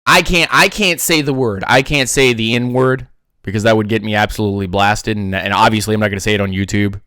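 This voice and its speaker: A man's voice: on the low side, fast talker, clean tone, no echo, studio quality. A man hosting a casual sports talk show, ranting with lots of restarts. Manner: animated ranting, frequent restarts. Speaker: podcast host.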